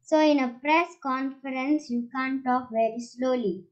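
Young woman, high voice, slow, earnest, halting, muffled lo-fi sound. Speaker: speech evaluator. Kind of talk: speech evaluation. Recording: dull lo-fi sound.

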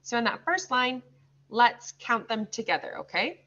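A woman teaching second graders, sounding out words slowly and patiently. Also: on the high side, sing-song, background noise. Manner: slow, drawn-out modeling of words. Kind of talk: recorded classroom lesson. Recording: slightly dull lo-fi recording.

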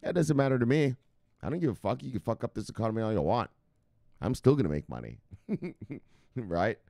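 A man hosting a casual livestream. He swears a lot, jumps into loud bursts and keeps repeating the same catchphrases. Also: medium pitch, big pitch swings, fairly quick, creaky, no echo, clean studio sound. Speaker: livestream host.

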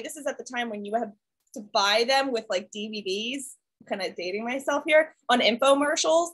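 A high-voiced woman in her thirties leads her team's kickoff call over video. She talks in a chatty, animated way, tossing in "right?" and "like" as she tells her story. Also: brisk, low-quality recording. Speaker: fitness coach leading a team call. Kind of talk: casual presentation to her team.

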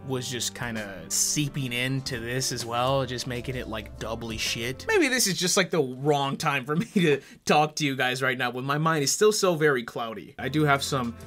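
A man's voice: mid-range voice, moderate pace, hardly any pauses, a bit bright, soft background music. A man narrating a video essay, then chatting casually and self-deprecatingly with frequent swearing. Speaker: YouTube commentator.

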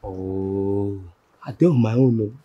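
A man's voice: fairly low pitch, slow, dull audio, heavy background noise. An actor with a Nigerian accent playing a nervous, careless gateman who pleads and complains. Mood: complaining. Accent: Nigerian Pidgin-tinged English. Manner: pleading, whiny. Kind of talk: film acting.

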